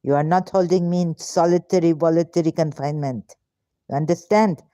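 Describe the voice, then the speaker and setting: A frustrated, confrontational woman rants at her viewers in a mellow, somewhat low voice. She speaks slowly and deliberately. The sound is close and dry. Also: fairly even intonation, dry recording. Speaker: vlogger. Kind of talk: ranting monologue to camera.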